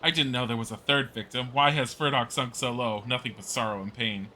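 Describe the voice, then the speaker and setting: A man reading a shaken townswoman witness aloud while streaming a game, with a very bright voice. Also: medium pitch, fairly even intonation, brisk, slight background noise, natural voice. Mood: distressed. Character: upset middle-aged townswoman witness.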